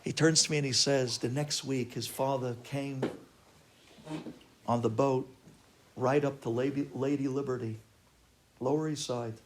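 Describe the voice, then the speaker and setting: A man, a rabbi, telling a story in an animated way, acting out the people in it with shouts and exclamations. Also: medium pitch, unhurried, pauses often, a little hiss or hum. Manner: acts out quoted voices, shouting and exclaiming.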